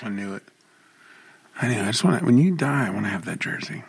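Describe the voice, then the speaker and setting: Podcast co-host, male, husky, dry close mic, teasing and jokey. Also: fairly low pitch, expressive, quick pace, no room sound. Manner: joking, teasing banter. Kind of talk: casual chat.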